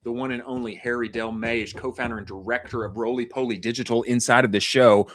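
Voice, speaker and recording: A man hosting a podcast interview, excitable and slangy, hyping up his guest. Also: medium pitch, fairly quick, hardly any pauses, dry recording. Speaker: podcast host.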